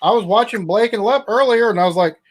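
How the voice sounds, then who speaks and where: A man joining a livestream as a guest, loud, profane and teasing. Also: high voice, fast talker. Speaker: stream guest. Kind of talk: casual livestream chat.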